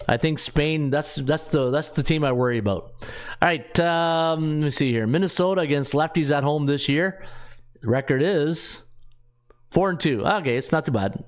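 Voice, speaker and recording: A man hosting a sports betting show, running through his picks in a casual way, thinking aloud and reading off stats with lots of fillers. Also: on the high side.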